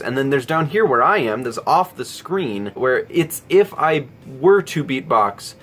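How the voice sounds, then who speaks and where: A man's voice: mid-range voice, expressive, measured pace, a bit bright. A young man casually answering viewer questions in a vlog, joking and self-deprecating.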